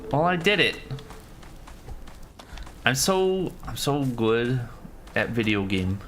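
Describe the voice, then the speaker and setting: A male livestreamer talks through his game in a relaxed, joking way, dropping swears and answering chat. His voice is bright and sharp, with a pitch that swings widely. Faint keyboard typing sits quietly behind him. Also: slow pace, slight background noise. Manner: loose, swears freely, jokey asides. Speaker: gaming livestreamer. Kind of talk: casual live game commentary, reading chat.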